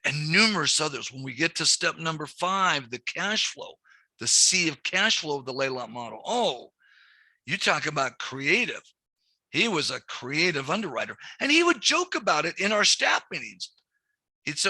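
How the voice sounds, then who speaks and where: A man's voice: fairly high pitch, big pitch swings, normal speed, bright, forceful tone, breathy edge, no room sound. A middle-aged man teaching commercial lending, lecturing in a conversational way with frequent restarts. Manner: conversational, repeats words and restarts. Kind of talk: classroom lecture with anecdotes.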